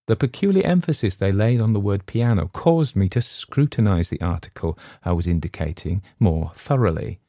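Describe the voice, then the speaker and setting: A man reading a classic story aloud in a measured, dramatic first-person narration. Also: lowish voice, animated, mellow, no echo, clean studio sound. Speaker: audiobook narrator.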